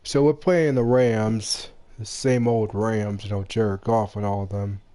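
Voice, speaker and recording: A man's voice: fairly low pitch, fairly even intonation, a little slow, warm tone. A young man casually commenting on his game at home, rambling and repeating himself in slangy talk. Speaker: gamer.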